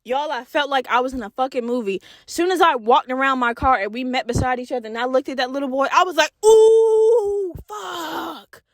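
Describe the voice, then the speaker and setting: A woman hosting a podcast, telling a story in a casual, animated and profane way, laughing and acting out voices. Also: high-pitched, fast, few pauses, no room sound, studio quality. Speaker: podcast host.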